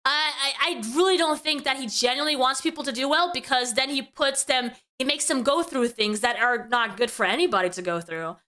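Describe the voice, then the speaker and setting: Bright high-voiced woman commentator. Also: fairly quick, hardly any pauses. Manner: talkative, tag questions like "right?". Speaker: streamer reacting to clips. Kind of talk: casual commentary.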